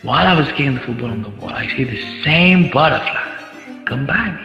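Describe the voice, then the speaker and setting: A man's voice: mid-range voice, expressive, fairly quick, gravelly. A man telling a story in a speech to an audience, in a dramatic way and with questions to the crowd. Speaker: contest speaker. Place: large hall. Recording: echoey hall, dull sound, faint music.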